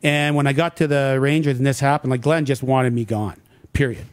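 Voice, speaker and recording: A middle-aged man, a former pro hockey player, telling animated stories in an interview and acting out what people said. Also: medium pitch, brisk, no echo. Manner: animated anecdotes acting out quoted dialogue. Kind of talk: casual storytelling in an interview.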